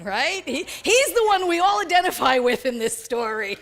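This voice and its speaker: A woman pastor preaches a sermon, her voice riding high and swinging widely from phrase to phrase. She talks in an animated way and slips into the voices of the people in her story. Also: fairly quick, hardly any pauses. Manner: animated, acts out quoted characters.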